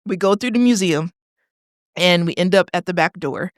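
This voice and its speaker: A woman from Detroit tells a family story as a podcast guest, animated and chatty, laughing often. Her voice sits fairly low. The studio sound is dry and close-miked. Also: moderate pace, dry recording. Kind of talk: conversational storytelling.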